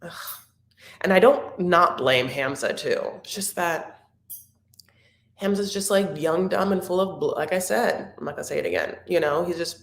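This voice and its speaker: A woman's voice: on the low side, moderate pace, gravelly. A woman hosting a live recap stream, chatting casually and rambling fondly to her viewers. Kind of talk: casual chat reading viewer comments. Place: home room. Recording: roomy echo.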